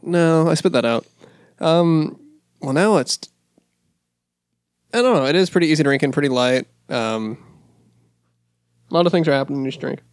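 Goofy guy on a beer podcast, rambles and trips over words, kinda high voice. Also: expressive, normal speed, pauses often, clean tone, no room sound, studio quality. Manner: rambling, stumbling, laughs a lot. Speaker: podcast co-host. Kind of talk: casual chat, beer tasting.

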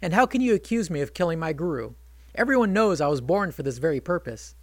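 A man's voice: fairly high pitch, animated, fast talker, no room sound. A man voicing a proud, indignant warrior prince who argues and lectures, in a spoken storytelling retelling. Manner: argumentative, lecturing.

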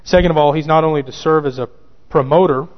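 A man preaching with a fairly high voice, driving his points home by repeating them. He speaks straight to the men in the pews. The recording is dull and rings with long church reverb. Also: steady tone, fast talker. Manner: emphatic, repeats key phrases, addresses listeners directly. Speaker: pastor. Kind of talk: sermon.

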